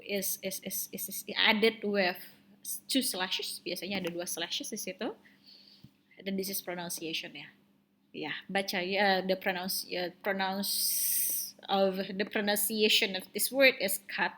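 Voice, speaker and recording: A woman's voice: medium pitch, bright, forceful tone. Indonesian woman teaching English pronunciation. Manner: mixes Indonesian into English, hesitant fillers, drawn-out model words. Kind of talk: online pronunciation lesson.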